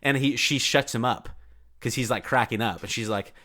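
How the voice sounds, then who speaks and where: A man's voice: mid-range voice, normal speed, pushed and bright. A young man co-hosting a casual podcast, talking in a slangy, laid-back, joking way. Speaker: podcast co-host. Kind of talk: casual movie-review chat.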